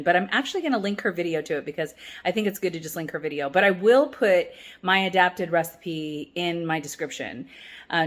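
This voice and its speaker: A woman hosting a cooking vlog, talking in a chatty, rambling and upbeat way. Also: on the low side. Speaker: cooking vlogger.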